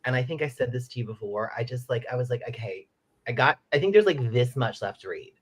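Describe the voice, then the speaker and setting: A man's voice: mid-range voice, lively intonation, fast. Chatty man laughing through anecdotes. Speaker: podcast co-host. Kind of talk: casual chat.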